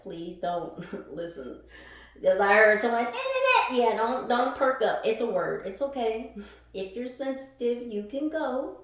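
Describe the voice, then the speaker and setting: A woman's voice: a little high, very echoey, rough recording. A woman giving a casual spiritual reading, exuberant and profane, laughing often as she talks. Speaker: spiritual reader.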